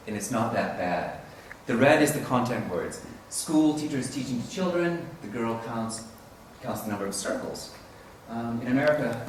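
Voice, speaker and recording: A man presenting at a teaching conference in a casual, rambling way, often correcting himself. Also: lowish voice. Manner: rambling, self-correcting, chuckling. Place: conference room. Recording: roomy, distant mic with faint hiss.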